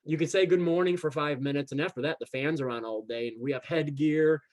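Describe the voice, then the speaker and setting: Animated storytelling man, fairly high voice. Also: a little fast. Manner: animated, acts out quoted dialogue; repeats words and restarts often. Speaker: guest. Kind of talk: casual storytelling chat.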